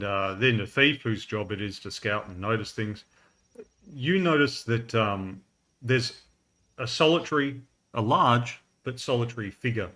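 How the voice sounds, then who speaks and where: Low, bright-toned man running a tabletop game. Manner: relaxed, laughs often, fillers while describing. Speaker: game master.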